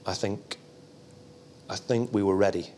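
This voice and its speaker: Man, lowish voice, measured earnest reflection, faint rumble. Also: steady tone, dark tone. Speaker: former footballer. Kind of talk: retrospective interview.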